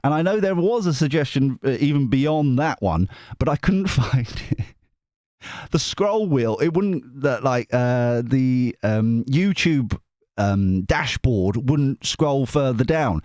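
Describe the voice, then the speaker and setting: A man chats casually to his viewers as a tarot host, rambling and joking and often breaking off mid-thought. His pitch swings widely as he talks, and his voice is close and dry with no room around it. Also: animated, slow, a little mellow, dry recording. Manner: rambling, jokey, self-interrupting. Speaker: tarot reader and channel host. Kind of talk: casual chat to camera.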